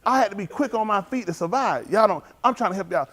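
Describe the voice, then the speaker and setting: A middle-aged male pastor, preaching informally and telling lively street stories in which he acts out the voices. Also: high-pitched, fast, hardly any pauses. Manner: animated storytelling, acts out voices, laughs.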